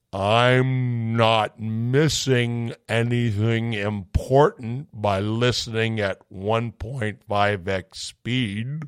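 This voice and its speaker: A man's voice: medium pitch, no room sound, studio quality. A man hosting a podcast in a casual solo chat, reading a listener's email with sarcastic, rambling, profane asides, his voice a bit off. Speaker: podcast host.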